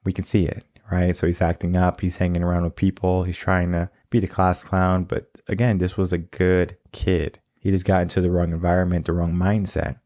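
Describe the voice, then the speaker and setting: A man's voice: low-pitched, little pitch movement, normal speed, hardly any pauses, warm tone, no room sound, clean studio sound. A man hosting a coaching podcast, talking casually and often checking in with "right?". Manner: conversational, often tags lines with "right?".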